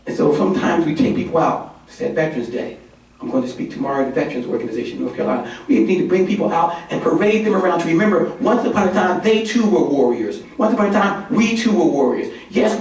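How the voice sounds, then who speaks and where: A man's voice: on the high side, quick pace, distant mic. Folksy male organizer in an echoey hall. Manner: animated storytelling, folksy and emphatic. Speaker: community organizer giving a conference talk. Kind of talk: conference speech. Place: conference hall.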